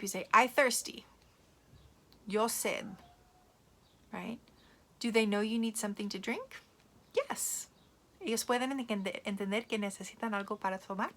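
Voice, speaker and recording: A woman teaching young children, switching between English and Spanish in an animated, playful way. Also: mid-range voice, normal speed. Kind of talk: bilingual read-aloud lesson for children.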